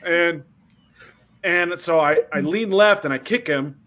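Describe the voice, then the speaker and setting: A man's voice: on the high side, unhurried. A man telling a funny story in casual chat, acting out voices and reactions. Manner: animated, acts out voices in quotes.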